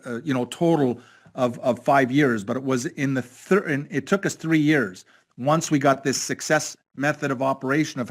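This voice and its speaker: Male network leader, motivational call, storyteller who acts out quotes and restarts a lot, voice a touch high. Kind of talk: motivational talk with retold anecdote. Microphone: online call.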